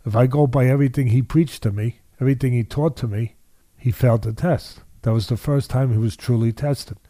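A man's voice: medium pitch, steady tone, a little fast, warm tone, no room sound. An older man, a boxing trainer, telling a story in an interview with emphatic repetition and quoted voices.

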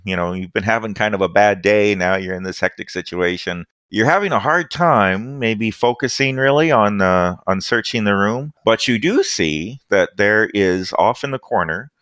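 A man narrating as game master of a tabletop game, easygoing and halting, with many fillers. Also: a bit bright, no echo, studio quality. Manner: easygoing, halting with fillers, brief squeaky voices for side characters.

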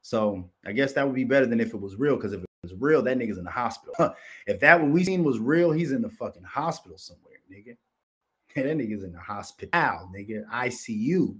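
A man hosting a commentary show, talking in a rambling, profane monologue and slipping into mocking voices. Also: mid-range voice. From Minnesota, United States.

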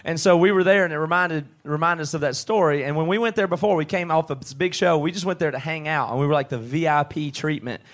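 A man with a fairly high voice co-hosting a live podcast in a pub. He jokes and chimes in quickly, then settles into a story about playing a club. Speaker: podcast co-host and band member.

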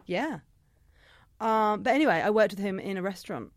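A young woman chats casually, telling lively stories and briefly mimicking other voices. Her voice sits at an ordinary pitch and sounds close and dry, with no room around it. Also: moderate pace, dry recording. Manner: chatty, animated storytelling with mimicked voices. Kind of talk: casual chat.

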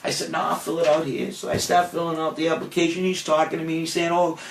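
An older man, a podcast host, telling a boastful story in a brash, animated way. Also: on the high side, quick pace, gravelly. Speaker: podcast host saying farewell. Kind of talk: casual storytelling monologue. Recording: roomy, distant, faint noise.

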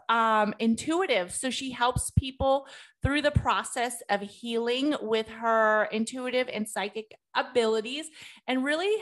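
Female podcast host, high voice, slow unhurried delivery. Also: a bit bright. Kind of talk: podcast interview.

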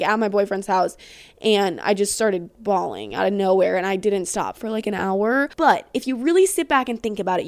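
A woman's voice: medium pitch, no room sound. A young woman hosting her own podcast, rambling and chatty, swearing freely, a bit out of breath and tired. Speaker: podcast host. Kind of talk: casual solo podcast chat.

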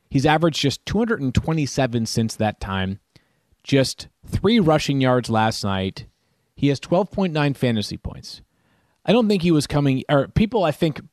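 A man co-hosting a fantasy football podcast, running through player stats in a brisk, conversational way. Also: medium pitch, a little mellow, no echo, clean studio sound. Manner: brisk stat rundown, conversational. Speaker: podcast co-host.

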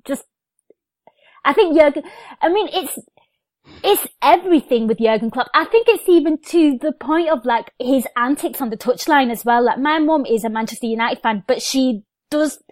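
Chatty higher-voiced woman host. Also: normal speed, no echo. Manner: enthusiastic, chatty, long rambling questions. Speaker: podcast host. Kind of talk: casual interview chat.

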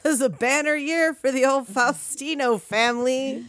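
A woman's voice: high-pitched, moderate pace. A woman co-hosting a podcast, joking and swearing as she chats about a movie. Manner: wisecracking, swears, acts out lines. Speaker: podcast co-host. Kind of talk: casual movie recap chat.

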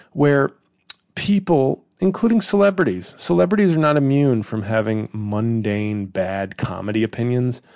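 A man's voice: on the low side, creaky, smooth, dry recording, studio quality. A man hosting his own comedy podcast, rambling in a sardonic, profane monologue. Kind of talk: casual solo podcast monologue.

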